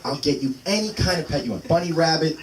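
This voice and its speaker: A man's voice: fairly high pitch, sing-song, fast. A man in his thirties doing open mic stand-up in a small venue, rambling and interrupting himself with fillers. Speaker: stand-up comic. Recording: distant mic with loud room noise.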